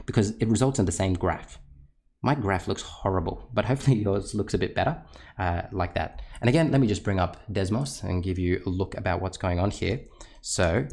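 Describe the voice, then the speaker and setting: A man's voice: fairly low pitch, vocal fry, a little mellow. A man teaching a recorded maths lesson, explaining step by step with patient, self-deprecating asides as he works on a tablet.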